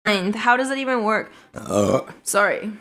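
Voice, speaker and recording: A woman's voice: a little high, unhurried, sharp tone. A young woman streaming casually to her chat, talking loosely and apologizing over and over. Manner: chatty, keeps apologizing.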